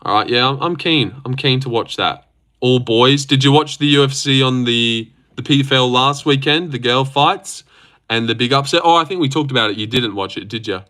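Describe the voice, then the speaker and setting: A young man hosting a casual livestream, reacting to fights in a loose, sweary, excitable way into a desk mic. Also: medium pitch, normal speed. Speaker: livestream host.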